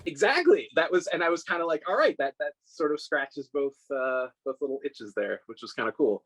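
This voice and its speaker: A man's voice: on the high side, expressive, brisk, a bit bright, breathy edge, poor audio. A man in his forties, a scale model maker, telling stories in a casual interview with lots of restarts and self-deprecating laughs. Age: 40s.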